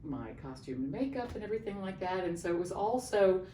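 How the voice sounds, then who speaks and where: A middle-aged woman, an opera singer, telling an animated backstage story in a casual interview and acting out the voices of the people in it. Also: on the low side, a little fast. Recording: roomy, distant mic, faint background noise.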